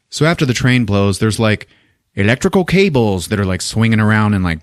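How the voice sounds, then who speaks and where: Animated, profane man retelling a movie. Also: fairly low pitch, moderate pace, no room sound, studio quality. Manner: animated, profane, acts out scenes with funny voices. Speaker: podcast host. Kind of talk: casual movie recap. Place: podcast studio.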